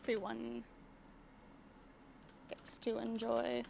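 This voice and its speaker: A woman's voice: fairly high pitch, completely flat delivery, takes it slowly, vocal fry, darkish tone, a little hiss or hum. A woman running an online tabletop game as game master, narrating playfully and drawing out her words.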